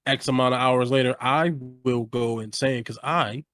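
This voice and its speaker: A man co-hosts a podcast in casual conversation, joking, reacting, and swearing a lot. His mid-range voice is fairly bright with fairly even intonation at normal speed, in clean studio sound with no echo.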